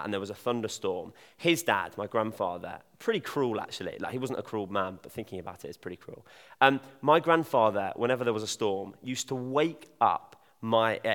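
Chatty preacher from in a reverberant hall. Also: male voice, lowish voice, a bit bright. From Devon, England. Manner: chatty, jokey, addresses audience directly. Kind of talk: informal sermon.

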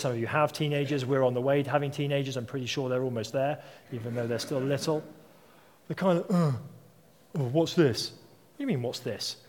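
A man preaching a sermon in a mid-range voice, chatting through anecdotes and tossing out rhetorical questions. His words ring out with a long echo from a large hall. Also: medium pitch. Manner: conversational storytelling with rhetorical questions.

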